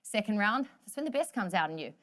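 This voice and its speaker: A woman's voice: medium pitch, expressive, fast, a bit bright. Upbeat woman coaching a workout. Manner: upbeat, joking, counts down reps. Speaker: fitness instructor.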